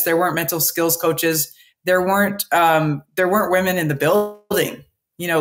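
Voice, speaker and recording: A woman speaking as a podcast guest, telling a candid story in an animated way. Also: on the low side. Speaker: podcast guest, baseball coach. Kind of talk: interview storytelling.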